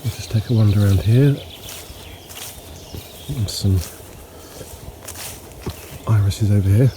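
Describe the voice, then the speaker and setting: Sniffling from hay fever and clearing his throat, a man who runs a homestead vlog walks viewers around his countryside yard at dawn. His voice is on the low side, and his narration is easygoing and slow, full of ums and pauses. Birds and insects can be heard faintly in the background.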